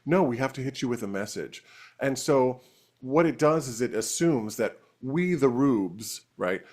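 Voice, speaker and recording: A man on a casual talk show, ranting with rising anger about a topic he cares about. His pitch is mid-range and his delivery is conversational but heated. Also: animated, a little slow, darkish tone. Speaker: co-host.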